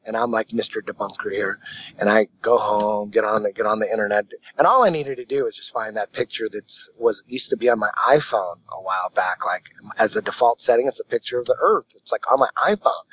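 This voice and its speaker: A man's voice: lowish voice, a little fast, a bit bright, lo-fi sound. A man, a martial arts instructor, telling a long story as a guest on a casual podcast, rambling and profane with lots of restarts.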